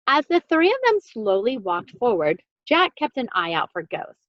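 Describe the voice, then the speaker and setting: A woman reading a children's book aloud with expressive, animated storytelling. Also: a little high, normal speed, no room sound, highs cut off. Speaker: reader.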